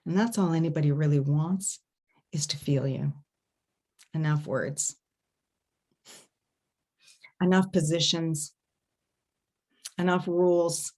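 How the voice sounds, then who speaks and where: A woman with a fairly low voice gives an online talk as an intimacy coach. She speaks expressively and hums and voices little sounds to make her points. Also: fairly even intonation, slow pace, long pauses, darkish tone. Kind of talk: festival talk. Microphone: online video talk.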